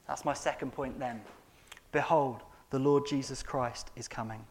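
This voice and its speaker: A man preaching a sermon as pastor, emphatic, swinging between loud and soft and putting rhetorical questions to the congregation. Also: mid-range voice, steady tone, a little slow, slight background noise.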